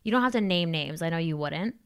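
A woman with a smooth, clear voice hosts loose comedy-podcast banter. She teases her guest in a chatty, playful way, full of fillers. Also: fairly low pitch, animated, fairly quick. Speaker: podcast host.

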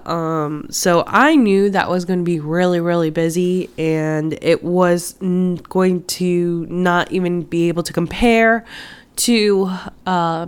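A woman's voice: on the low side, clear, resonant tone. A young woman who hosts a podcast, talking casually while sick, with a nasal-sounding voice and many fillers and restarts. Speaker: podcast host. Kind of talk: casual chat.

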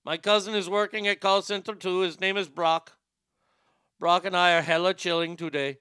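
A man's voice: high voice, level tone, moderate pace, sharp tone, clean tone, no room sound, studio quality. A man putting on an Indian accent to voice an overly upbeat young male call-center worker. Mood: chirpy. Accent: put-on Indian accent.

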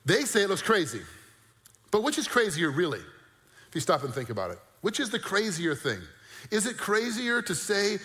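Guy pastor preaching, bright forceful voice, kinda high, big echoey church hall sound. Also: a little fast. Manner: animated preaching with mock-incredulous outbursts. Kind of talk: sermon.

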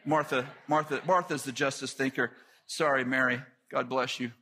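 A middle-aged man preaching a sermon, telling stories with lively asides and quick jokes. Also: medium pitch, very noisy. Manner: animated storytelling with quick asides.

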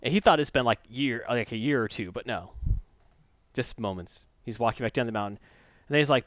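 A man in a casual chat, retelling a comic book story in animated fashion and acting out the characters' lines. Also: mid-range voice, brisk, no room sound, highs cut off.

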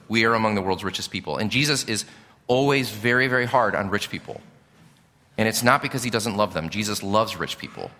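Earnest preacher with a bright voice. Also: male voice, on the low side, long reverb tail. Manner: earnest, pleading, emphatic, with rhetorical questions. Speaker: pastor. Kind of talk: sermon.

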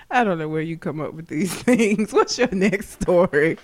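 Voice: medium pitch, lively intonation, measured pace. A co-host in casual chat, talking bluntly with lots of swearing and frequent laughs. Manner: blunt, profane, laughs often.

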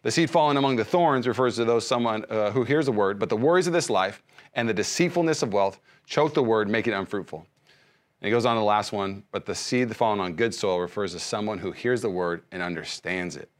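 A male pastor giving a sermon, speaking conversationally with many restarts and swinging between loud emphasis and soft hushed lines. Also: fairly low pitch, a little fast. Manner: frequent fillers and restarts, conversational preaching.

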